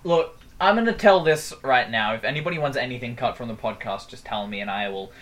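A man's voice: medium pitch, animated, a little fast, fairly bright tone. A young man hosting a podcast, telling a story in a rambling, profane and jokey way. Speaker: podcast host. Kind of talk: casual storytelling chat.

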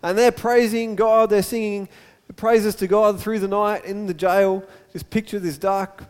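Male preacher, high voice, animated storytelling, echoey hall. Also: unhurried, smooth. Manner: storytelling, animated, repeats words. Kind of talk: sermon.

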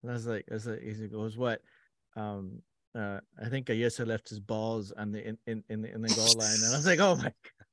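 A man's voice: on the low side, little pitch movement, normal speed, sharp tone, no room sound, studio quality. A man co-hosting a sports podcast in casual chat, telling stories with many fillers and restarts. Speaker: podcast co-host.

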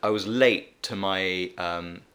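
A man's voice: sits low, takes it slowly. A man co-hosting a podcast, telling a rambling story in easy, casual chat. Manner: relaxed rambling anecdote. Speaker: podcast co-host.

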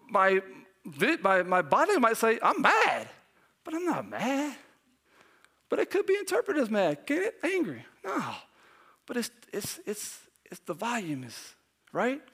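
A man preaching a sermon as pastor, animated, who keeps asking the congregation questions and sometimes drops to a hushed near-whisper. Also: very high voice.

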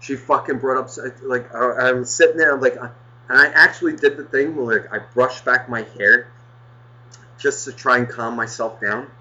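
A man's voice: mid-range voice, steady tone, normal speed, pushed and bright, muffled recording. A man telling a story in a casual, exasperated rant, swearing heavily as he goes. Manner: profane, exasperated, heavy swearing. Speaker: podcast co-host.

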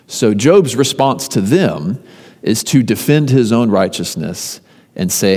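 Low-voiced guy preaching, chatty storytelling, long reverb from a big hall. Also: very animated, a little mellow, breathy edge. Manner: conversational retelling with emphatic lists and pauses. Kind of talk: sermon.

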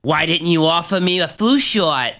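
A man's voice: fairly high pitch, expressive, normal speed, bright, forceful tone, voice pushed up. Man doing a cocky Massachusetts boss. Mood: smug. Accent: Massachusetts (put on). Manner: smug, self-satisfied swagger. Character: cocky mid-forties male district manager.

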